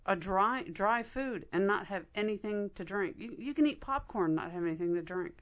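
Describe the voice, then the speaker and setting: A woman co-hosting a podcast in casual chat, teasing and quick to contradict. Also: medium pitch, animated. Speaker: podcast co-host.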